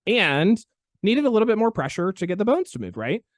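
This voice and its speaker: Animated male chiropractor telling a story. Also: high-pitched, fairly quick, no room sound, studio quality. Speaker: podcast host, chiropractor. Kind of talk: casual storytelling chat.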